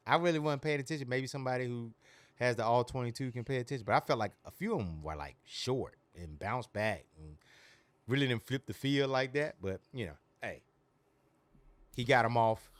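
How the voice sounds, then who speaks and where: A man's voice: mid-range voice, normal speed, dry recording. A man co-hosting a sports podcast, talking loosely and animatedly with slang and frequent laughs. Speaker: podcast co-host. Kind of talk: casual sports podcast chat.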